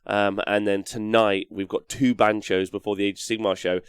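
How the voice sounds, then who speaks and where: A man hosting a live-streamed show, talking in a rambling, energetic way with a hoarse, worn-out voice as he reads out chat messages. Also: fairly low pitch, moderate pace, no room sound, clean studio sound. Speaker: host.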